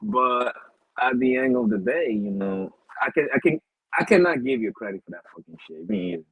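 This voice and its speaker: A man co-hosting a casual boxing talk show, animated and profane, laughing often. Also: medium pitch, a little fast, slightly rough, dry recording, poor audio. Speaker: boxing podcast co-host. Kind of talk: casual chat.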